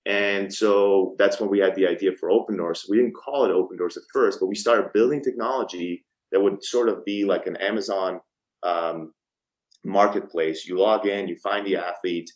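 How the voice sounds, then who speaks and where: Deep-voiced guy in his 30s on a podcast, chatty storyteller, acts out phone calls, lots of ums. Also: steady tone, normal speed, rough recording. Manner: frequent ums and restarts. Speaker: podcast guest, startup co-founder. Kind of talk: casual storytelling interview.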